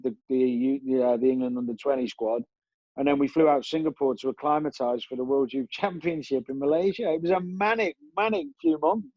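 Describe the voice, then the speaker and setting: A man's voice: medium pitch, no echo, highs cut off. A man, a guest telling long stories in a rambling way, with many restarts and fillers. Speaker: interview guest, former footballer. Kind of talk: relaxed storytelling.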